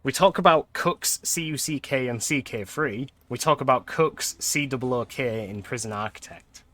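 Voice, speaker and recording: Bright-voiced man streaming a game. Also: mid-range voice, no echo. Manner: chatty, quick to laugh. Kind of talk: casual gameplay commentary.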